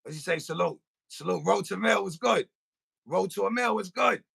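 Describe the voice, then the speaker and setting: A man's voice: high voice, moderate pace, creaky, fairly bright tone, husky. A man hosting a podcast, telling a comic story in a rant and acting out both sides of a phone call. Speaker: podcast host. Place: recording studio.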